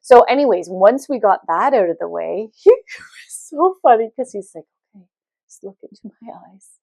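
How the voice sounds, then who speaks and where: A woman hosting a podcast, telling a personal story in a casual monologue, animated and laughing often as she acts out what was said. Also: a little high, normal speed, gravelly, no echo. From Canada. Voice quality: loud laugh. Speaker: podcast host.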